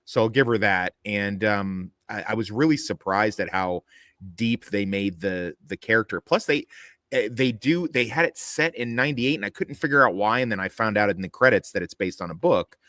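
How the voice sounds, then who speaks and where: A man chatting casually about a film he saw, rambling and animated with lots of fillers and restarts. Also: lowish voice, normal speed, no room sound, studio quality. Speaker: panelist. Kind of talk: casual film review chat.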